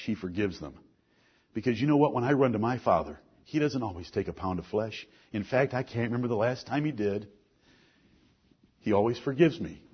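A middle-aged man preaching a sermon, earnest, moving between soft asides and forceful lines. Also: medium pitch, husky, highs cut off.

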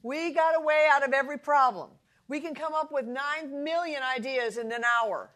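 Bright, high-voiced woman, playful and self-mocking. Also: moderate pace. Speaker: Bible teacher. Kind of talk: humorous devotional talk.

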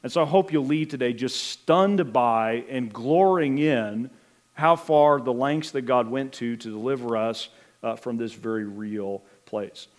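A sermon comes from a middle-aged pastor whose voice is medium in pitch. He speaks earnestly and at a measured pace, sometimes pausing on hesitant fillers.

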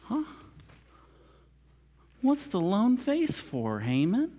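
A man preaching a sermon as a lively storyteller, acting out the characters and coaxing volunteers from the congregation. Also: high voice, drawn-out words. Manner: animated, acts out characters, coaxes volunteers. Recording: long hall reverb.

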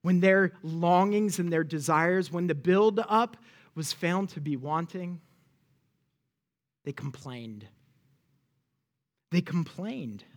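A man delivering a sermon as a pastor, his voice sitting a little high for a man. He preaches with animated, pointed energy and often turns to the listeners with rhetorical questions. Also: slow pace, pauses often.

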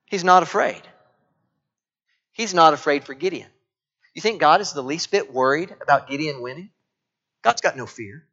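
A middle-aged man preaching a sermon, dropping to quiet tones and rising again as he acts out voices from the text. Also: a little high, moderate pace, pauses often. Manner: dramatic shifts from quiet to loud, acting out quoted voices. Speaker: pastor. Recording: dull lo-fi sound.

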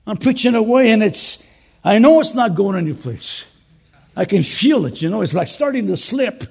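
A male pastor preaching a conference sermon to fellow pastors, swinging between loud urging and soft earnest asides, with joking conversational remarks. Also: sits high, big pitch swings, normal speed, gravelly, husky.

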